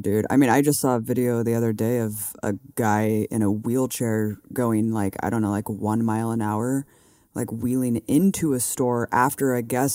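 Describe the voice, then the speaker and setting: A man's voice: mid-range voice, a little mellow, dry recording, clean studio sound. A man co-hosting a podcast, chatting casually, reacting with swears and lots of "dude". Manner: reactive, swears in disbelief, says "dude" a lot. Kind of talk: casual conversational podcast chat.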